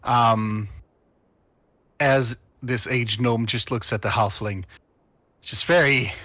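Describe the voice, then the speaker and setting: A man's voice: mid-range voice, steady tone, slow, long pauses, pushed and bright, dry recording. A man narrating as game master of a tabletop game, rambling with many fillers.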